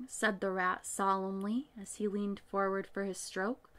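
A woman narrating a classic animal storybook in a gentle, measured and expressive way. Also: medium pitch.

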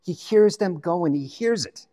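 A man from the Pacific Northwest, a guest pastor, preaching a sermon in an animated storytelling way, with joking asides. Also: high voice, a little slow, in a large hall.

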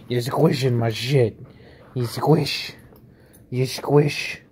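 A man's voice: mid-range voice, steady tone, extremely slow, a little mellow, slight background noise. A man lingers over every word as he chats to his pet at home. His talk is teasing and full of casual swearing. He sounds close to the phone that is filming. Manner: teasing, profane baby-talk to an animal. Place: indoors at home.

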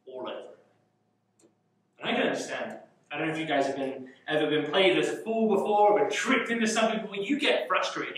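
A young man leads a youth Bible study in a slightly high voice, firing off rhetorical questions with an easy chuckle. He is heard from well away from the mic. The room around him is very echoey. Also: fairly bright tone, distant mic.

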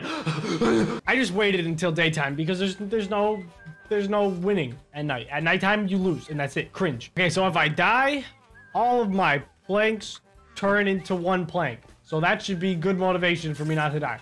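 A young man with a high voice commentates his own gameplay, excitable and jokingly whiny. He jumps from loud yelps to low grumbles. Quiet background music plays beneath him. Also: measured pace. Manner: excitable, loud swings between outbursts and mutters; complains in a joking way. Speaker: gaming YouTuber. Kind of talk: let's play commentary.

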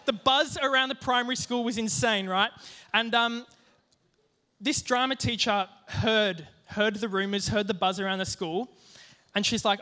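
A young man giving a youth sermon, telling a personal story in a lively, joking way with plenty of asides. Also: sits high, a little slow. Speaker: youth group speaker.

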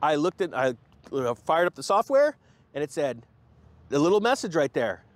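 A man hosting a casual crypto finance vlog, talking in an animated, jokey way and sometimes mocking companies in put-on voices. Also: on the high side, normal speed, no room sound. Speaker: host of a crypto finance channel.

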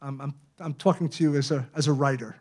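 He's a man in his eighties, an author from Brooklyn, New York, talking fast at a library event with a medium-pitched, steady, slightly mellow voice that has a breathy edge. The public talk is anecdotal and conversational, and he keeps checking with the audience, adding "right?" to many phrases.

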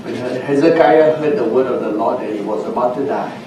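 A man preaching a sermon as a pastor. He speaks slowly, dropping to a hush at times and rising to shouts for emphasis. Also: medium pitch. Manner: slow, swings from hushed to shouting with emphasis. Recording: echoey hall, recorded from a distance with faint background noise.

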